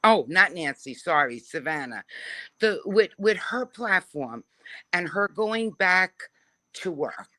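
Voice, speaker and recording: A woman's voice: lowish voice, lively intonation, takes it slowly, pushed and bright. A woman calling in to a live show, asking her question in an emphatic, rambling way. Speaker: caller.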